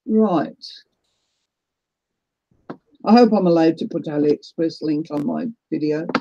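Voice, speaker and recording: A middle-aged woman with a New Zealand accent chats through a craft livestream, greeting viewers as she works. Her voice is warm and dark. The stream audio is dull and lo-fi. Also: low-pitched, unhurried, gravelly, long pauses. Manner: chatty, greets viewers while working. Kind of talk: casual craft livestream chat.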